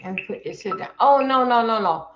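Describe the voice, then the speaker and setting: A woman's voice: fairly high pitch, fairly quick, lo-fi sound, slight background noise. A woman from Florida, giving blunt casual commentary to her live-stream chat from home.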